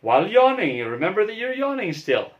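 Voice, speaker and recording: A man's voice: high voice, very animated, brisk, muffled recording. A man who is a pastor, teaching a singing lesson and patiently explaining each step while demonstrating sounds.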